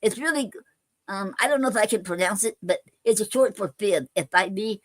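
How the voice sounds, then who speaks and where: A woman hosts a poetry show from a dry, close-miked spot with no room sound. She talks casually and haltingly, full of fillers and restarts, and her pitch sits in the middle for a woman. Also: no room sound. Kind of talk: casual live-stream chat.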